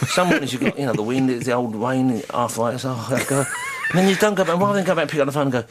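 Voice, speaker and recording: A man hosting a radio show, chatting casually and teasing his guests with quick jokes. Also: medium pitch, expressive, background noise. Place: radio studio.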